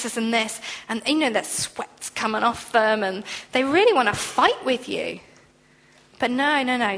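A woman with a fairly high, slightly bright voice preaches an earnest, conversational sermon. Every so often she acts out the voices she quotes, and a long hall reverb hangs on the recording.

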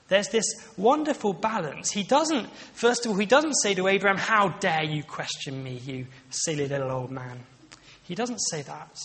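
A man's voice: sits high, creaky, a bit bright. A man giving a conversational sermon, with frequent restarts and asides. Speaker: preacher. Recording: long reverb of a large hall.

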